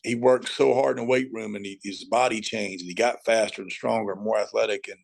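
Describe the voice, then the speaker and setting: A middle-aged man, a high school football coach, telling stories as an interview guest and acting out his own shouting at the TV. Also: brisk, creaky, husky. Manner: animated storyteller, acts out shouting at the TV.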